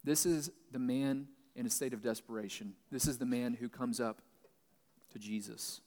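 A man's voice: mid-range voice, steady tone, normal speed, a little mellow. A man pastor giving Bible teaching, reading a passage and then explaining it plainly. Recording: long reverb, large hall.

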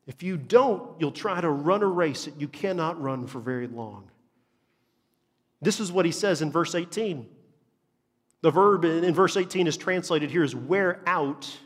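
A man's voice: on the high side, measured pace, breathy edge. A man, preaching a sermon as a pastor in an earnest, emphatic way and repeating phrases for stress. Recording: long reverb of a large hall.

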